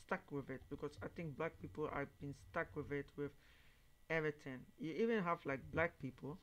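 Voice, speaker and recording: A man hosting a reaction video, talking casually in halting English, searching for words, then growing emphatic. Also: a little high, fairly bright tone, muffled recording. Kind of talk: casual monologue commentary.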